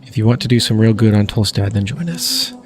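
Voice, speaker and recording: A man's voice: fairly low pitch, expressive, a little fast, natural voice. A man voicing a proud, jolly older male dwarf leader in a fantasy game, with a hearty manner that keeps calling people lad. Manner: hearty, says "lad" a lot.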